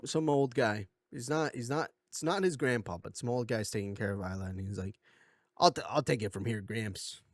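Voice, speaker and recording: A man's voice: medium pitch, dry recording, clean studio sound. Rambling man recapping a movie plot. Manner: rambling, filler-heavy, slips into goofy impressions. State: coughing a bit. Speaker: video essay host.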